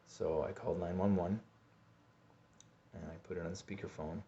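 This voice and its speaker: Low-voiced man telling a personal story, lo-fi. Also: steady tone, mellow, a little hiss or hum. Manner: halting, repeats words, acts out his own pleas. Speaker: vlogger. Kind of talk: personal story told to camera. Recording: dull lo-fi recording.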